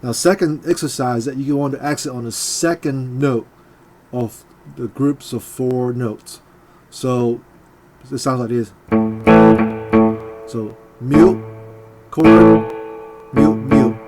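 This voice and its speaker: Unhurried and fairly even in intonation, a medium-pitched male voice gives casual guitar instruction, hesitating often and filling pauses. He counts beats aloud while loud guitar playing sounds in the background.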